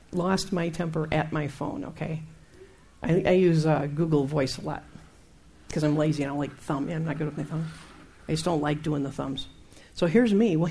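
A middle-aged woman teaching about faith in a chatty, animated way, laughing often and acting out her own outbursts. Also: fairly low pitch, gravelly. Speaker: Christian teacher. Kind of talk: conversational Bible teaching.

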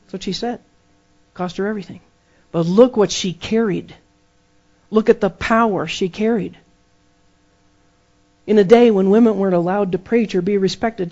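A man's voice: high voice, a little mellow. Emphatic male preacher, lo-fi sound. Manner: emphatic, repeats phrases for effect. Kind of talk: sermon. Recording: dull lo-fi sermon recording.

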